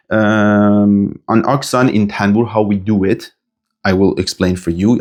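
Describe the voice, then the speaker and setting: Low-voiced man teaching an instrument. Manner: relaxed, explanatory, with frequent fillers and restarts. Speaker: music teacher. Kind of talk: instrument lesson.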